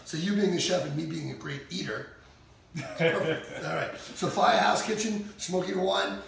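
Upbeat gravelly host, echoey and distant. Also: male voice, a little high, moderate pace, fairly bright tone, slight background noise. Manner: upbeat, jokey, talks while eating. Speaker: cooking show host. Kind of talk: live cooking show chat. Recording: echoey room from far off.

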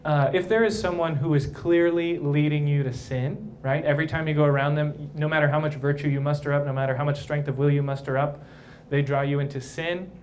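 Playful, chatty priest with a light voice. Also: male voice, fairly high pitch, fairly even intonation, fairly quick, hardly any pauses, darkish tone, slight background noise. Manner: playful, conversational, keeps asking "right?". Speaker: priest speaking at a young adult event. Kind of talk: casual live talk to a crowd. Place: brewery, live audience.

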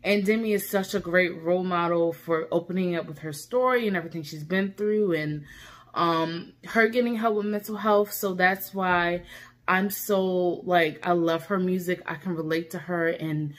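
A woman's voice: on the low side, fairly even intonation, normal speed. A young woman hosting a casual reaction vlog, chatty and heartfelt, with lots of fillers. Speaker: YouTube reaction host.

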